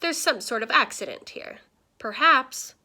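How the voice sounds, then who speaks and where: A grand, gushing soap-opera diva, as a woman reading a storybook puts her on, speaking in an exaggerated fake English accent. Her voice soars high and swoops dramatically, with a bright, sharp edge. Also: animated, measured pace, heavily acted. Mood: poised. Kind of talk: storybook read-aloud.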